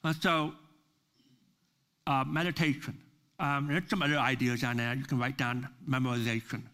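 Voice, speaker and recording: A man preaching a sermon as pastor at a church service, earnest and building to forceful emphasis on key words. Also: mid-range voice, fairly even intonation, normal speed.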